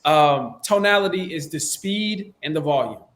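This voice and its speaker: A man from the States, coaching in a relaxed, slangy, conversational way on a close microphone. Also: fairly high pitch, a little slow. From Southern United States. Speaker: sales coach. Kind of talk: casual instructional talk.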